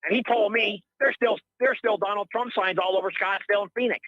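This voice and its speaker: A man's voice: sits high, brisk, no echo, narrow, tinny audio. A middle-aged man calling in to a radio show, ranting in a heated, rambling, indignant way and repeating himself. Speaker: caller. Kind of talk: heated call-in rant.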